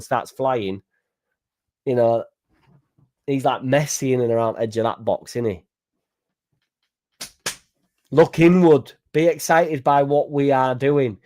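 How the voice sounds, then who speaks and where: A young man, hosting a fan channel in casual live-stream chat, rambling and excitable with sweary banter. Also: mid-range voice, moderate pace, pauses often. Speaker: football fan channel host.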